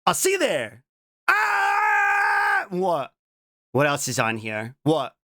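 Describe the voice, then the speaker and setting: A young adult VTuber streamer chatting casually on a live reaction stream. They break into playful shouts and keep tossing out a questioning "what?". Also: medium pitch, big pitch swings, unhurried, no room sound, studio quality. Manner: keeps repeating a questioning "what?" between remarks; stumbles and restarts mid-sentence.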